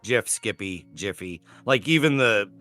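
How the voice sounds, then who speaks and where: A man's voice: lowish voice, animated, measured pace, pushed and bright. A man co-hosting a casual podcast chat, rambling and correcting himself as he goes, with casual swearing. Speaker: podcast co-host.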